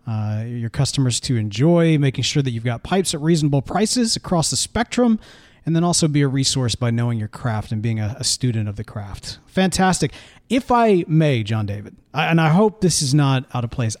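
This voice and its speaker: A man's voice: mid-range voice, a little mellow. A man co-hosting a casual podcast, upbeat as he recaps points and plugs a sponsor. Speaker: podcast co-host.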